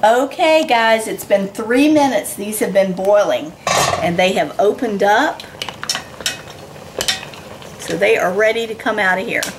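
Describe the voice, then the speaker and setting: A woman's voice: mid-range voice, measured pace, pauses often, noisy background. A woman hosting a casual cooking demonstration at home, chatty and enthusiastic as she cooks and tastes. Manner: chatty and enthusiastic, talks while eating. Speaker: cooking show host. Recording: echoey kitchen with clattering dishes. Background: clattering pots and dishes.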